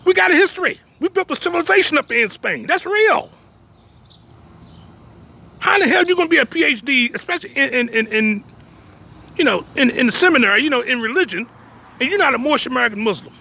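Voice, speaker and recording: This male religious teacher speaks at an extremely high pitch, fast and animated, with vocal fry, a sharp tone, and frequent pauses. His preaching is blunt and emphatic, punctuated by "you understand me?" and streetwise jokes between points.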